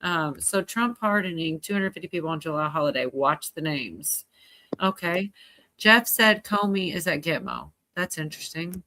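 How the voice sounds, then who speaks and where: A woman's voice: fairly low pitch, moderate pace, bright, forceful tone, slight background noise. A woman hosting a casual livestream. She reads out chat comments, laughs often and swears casually. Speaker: livestream host.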